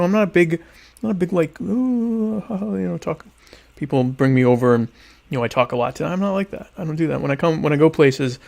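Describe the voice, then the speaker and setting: Deadpan guy rambling thru listener questions while he eats, gravelly voice, lots of restarts. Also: fairly high pitch. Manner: talks while eating dinner. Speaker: podcast host. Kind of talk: casual solo chat answering listener questions.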